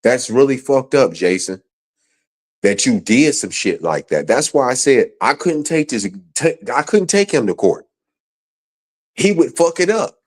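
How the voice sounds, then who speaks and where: Speaking in a sing-song, unhurried way at medium pitch, a male guest delivers a heated livestream rant. He's angry and profane, and he keeps repeating himself.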